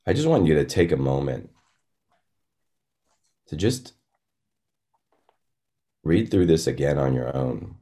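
A man preaching in a slow, meditative way. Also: extremely low pitch, sing-song, warm tone. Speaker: pastor. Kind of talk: sermon.

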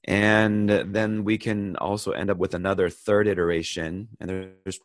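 A man leading a Bible lesson over a video call, praying first and then explaining a verse in a relaxed way with many pauses and restarts. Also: low voice, no echo. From United States. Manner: unhurried, thinking aloud with fillers and restarts. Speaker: Bible study teacher. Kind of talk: casual Bible lesson with opening prayer. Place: online video call, sharing a screen.

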